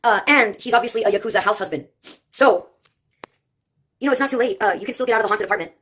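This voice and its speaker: A woman's voice: medium pitch, fast, fairly bright tone, breathy edge. A woman doing a rambling, improvised comedy monologue, free-associating absurd jokes and laughing at herself.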